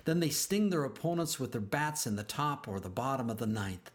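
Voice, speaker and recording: A man reads a children's storybook aloud at a middling pitch. He is expressive and drags out key phrases for emphasis. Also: fairly quick. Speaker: narrator.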